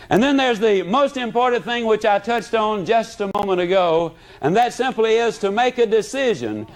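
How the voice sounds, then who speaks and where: A man giving a motivational speech, telling it in a folksy, animated way with humor. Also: high voice. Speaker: motivational speaker.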